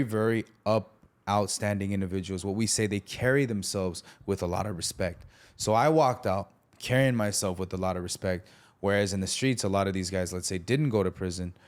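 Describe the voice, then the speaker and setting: A man telling his life story candidly as a podcast guest, using street slang and acting out the voices he quotes. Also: fairly low pitch.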